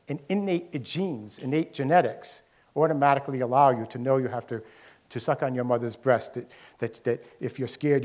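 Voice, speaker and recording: A man's voice: medium pitch, a little mellow. A man giving a lecture on the brain, explaining with rhetorical questions, repeated examples and a checking "right?". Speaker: neuroscientist lecturer. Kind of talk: public lecture with slides. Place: lecture hall.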